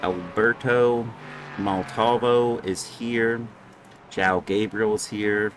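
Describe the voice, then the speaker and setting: Deep-voiced, slow-talking male race commentator. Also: a bit bright, a little hiss or hum. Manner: joking, chatty, stumbles over names. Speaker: sim racing commentator. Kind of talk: casual live race commentary.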